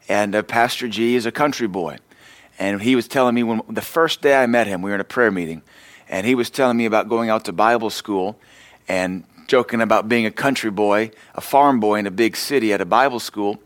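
A man's voice: lowish voice, no echo. Man preaching a conversational sermon, dry sound. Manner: conversational preaching with self-deprecating stories. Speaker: pastor. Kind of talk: sermon teaching.

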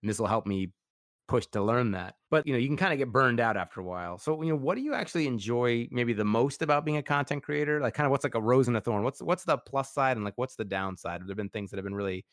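A man's voice: medium pitch, lively intonation, quick pace, fairly bright tone, dry recording, clean studio sound. A man hosting a casual interview, enthusiastic and full of fillers like "like" and "you know". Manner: enthusiastic, heavy use of "like" and fillers. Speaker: podcast host.

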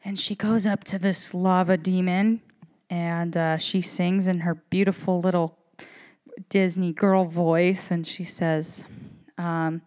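A woman's voice: on the low side, little pitch movement, takes it slowly, a little mellow. A woman in her thirties hosting a podcast, talking in a candid, rambling, profane way. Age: 30s. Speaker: podcast host. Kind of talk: casual monologue.

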